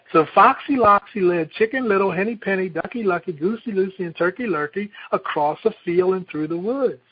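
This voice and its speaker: A male pastor preaching a sermon, telling a children's story in a folksy, animated way before reading scripture. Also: high voice, a little fast, few pauses, husky. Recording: dull lo-fi recording.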